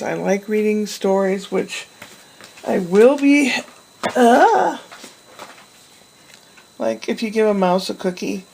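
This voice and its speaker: A woman's voice: mid-range voice, gravelly, a little mellow, poor audio. A woman vlogger talking to her camera in a chatty, meandering way, talking to herself now and then. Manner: chatty, meandering, with laughs and self-talk. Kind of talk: casual rambling monologue.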